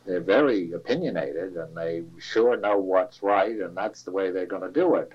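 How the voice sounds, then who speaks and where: A man's voice: low-pitched, moderate pace, hardly any pauses, slightly rough. An older man casually reminiscing about sailing days, rambling and chuckling as he tells stories. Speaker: interviewee. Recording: dull lo-fi recording.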